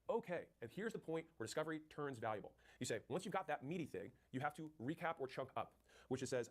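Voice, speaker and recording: A man's voice: medium pitch, animated. A man rattles through sales advice at a breakneck clip in an ordinary mid-range voice. He is punchy and direct, acting out lines from sales calls as he coaches. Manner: rapid, punchy, acts out sales dialogue. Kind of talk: fast sales coaching talk.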